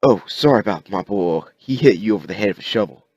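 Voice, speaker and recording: A man's voice: lowish voice, animated, fast talker, a little mellow, husky, no room sound, muffled recording. A man voicing a folksy, wary survivor father who talks in a casual drawl. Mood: friendly.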